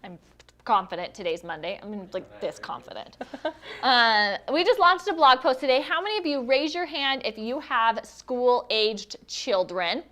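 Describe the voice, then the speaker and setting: A woman hosts a casual live stream with a slightly high voice. She chats loosely and giggles often, greeting viewers and running a giveaway in an easygoing way. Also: expressive, measured pace, pushed and bright. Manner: chatty, giggly, reads viewer comments aloud. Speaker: livestream host.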